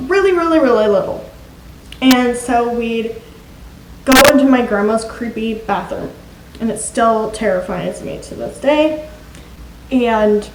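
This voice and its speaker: A woman vlogger telling a story to camera in a chatty, animated way, with plenty of "like" fillers. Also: a little high. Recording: echoey room with loud noise.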